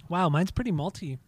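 A man's voice: high-pitched, gravelly, breathy edge, no echo. A man co-hosting a podcast, chatting casually and laid-back, swearing and teasing as he talks. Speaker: podcast co-host. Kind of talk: casual chat.

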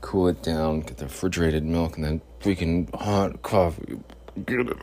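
A man's voice: low-pitched, fairly even intonation, moderate pace, mellow, a little hiss or hum. A man hosting a casual solo podcast from his home, rambling in a goofy, playful way. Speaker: podcast host. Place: home with cats, in Boston.

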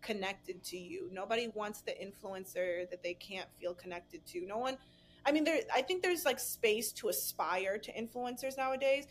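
A woman's voice: medium pitch, normal speed, slight background noise. A young adult woman talking casually as a podcast guest, chatty and full of fillers and restarts. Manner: chatty, filler-heavy, frequent restarts and bursts of laughter. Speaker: guest influencer.

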